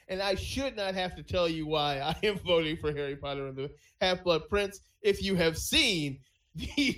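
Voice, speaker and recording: Man, slightly higher voice, relaxed host who moves the panel along. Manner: relaxed, announces matchups and calls on each panelist. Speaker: podcast host running a movie bracket. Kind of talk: casual chat.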